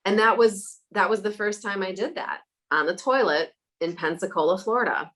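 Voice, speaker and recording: Lively woman telling ghost stories. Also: medium pitch, normal speed, rough recording. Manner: animated storyteller, acts out voices, laughs often. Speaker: psychic medium guest. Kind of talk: casual interview storytelling.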